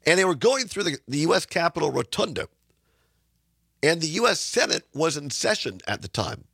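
A middle-aged male radio host speaks in a hoarse, raspy voice, gravelly and rough at the edges. He talks casually, circling back and repeating himself, close on a dry studio mic. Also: fairly high pitch, sing-song, moderate pace, a bit bright, no room sound. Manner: rambling, repeats words, chuckles. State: hoarse from sinus trouble. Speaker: radio talk show host. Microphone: studio microphone.

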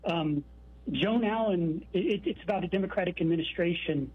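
A man's voice: high-pitched, moderate pace, breathy edge. A man calling in to a radio show, earnest and rambling. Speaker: caller. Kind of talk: phone-in call. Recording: tinny phone line.

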